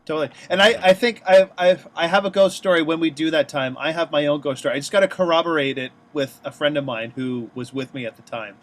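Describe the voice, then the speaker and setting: A man's voice: on the high side, fast, few pauses, a bit bright. A man co-hosting a casual podcast, speaking in an enthusiastic, upbeat way. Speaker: podcast co-host.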